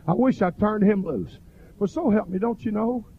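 High-voiced preacher, fervent. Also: male voice, normal speed, a little hiss or hum. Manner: fervent, rising to shouted cries. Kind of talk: revival sermon. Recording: dull lo-fi recording.

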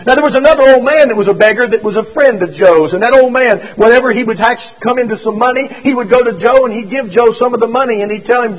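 A man's voice: very high voice, fast talker, hardly any pauses, highs cut off. A man telling a story in a folksy sermon, repeating himself as he goes.

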